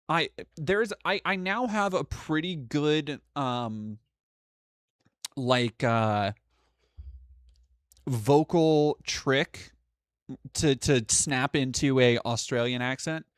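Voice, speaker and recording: A man's voice: medium pitch, drawn-out words, pauses often, smooth, dry recording, studio quality. A young man hosting a live stream, chatting casually and reading donations, rambling with frequent restarts and swearing. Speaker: streamer host.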